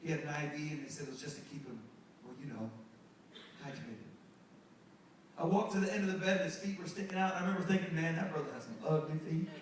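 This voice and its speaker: A middle-aged male pastor preaching a sermon, animated and joking with the congregation as he tells stories. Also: a little high, fast, slight background noise. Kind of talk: sermon with storytelling. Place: church sanctuary. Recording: echoey hall, distant mic, music behind.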